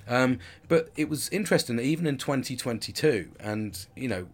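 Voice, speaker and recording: A man's voice: medium pitch, lively intonation, a little fast. A man in his forties talking candidly in a rambling personal monologue, with frequent restarts and casual swearing. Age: 40s.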